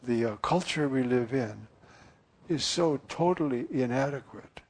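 A priest giving an earnest, musing sermon, often pausing with fillers. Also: male voice, mid-range voice, lively intonation, husky.

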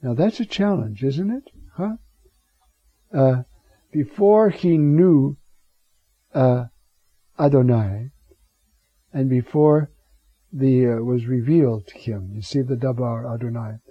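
A man's voice: mid-range voice, slow pace, pauses often, breathy edge, dry recording. A man preaching on scripture, digressive, with rhetorical asides and Hebrew words. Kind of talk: scripture teaching sermon. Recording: dull lo-fi recording.

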